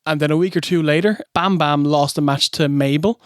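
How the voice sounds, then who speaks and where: A man co-hosting a comedic wrestling review, telling the story with animated, mocking energy. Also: a little high, brisk, clear, resonant tone, no room sound, clean studio sound. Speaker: podcast co-host.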